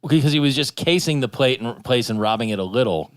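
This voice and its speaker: A man's voice: mid-range voice, expressive, fast, dry recording, clean studio sound. A man co-hosting a podcast, musing and asking the others questions about a cartoon episode. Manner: musing, asks the group questions. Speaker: podcast co-host.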